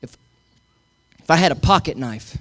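A man's voice: a little high, expressive, normal speed, a bit bright. A middle-aged male pastor preaching a sermon, emphatic and calling on the congregation to repeat after him. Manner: emphatic, calls for congregation responses.

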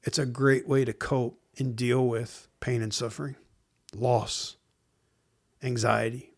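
A man preaching in a casual, conversational sermon, speaking plainly to listeners and slipping into slang and hushed acted-out asides. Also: medium pitch, flat delivery, slow pace, gravelly. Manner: acts out inner voices in hushed asides. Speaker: pastor.

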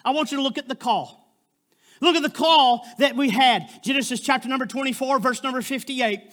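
A man's voice: very high voice, brisk, a bit bright. A man preaching a sermon as a guest preacher, fervent and exclamatory, with frequent interjections.

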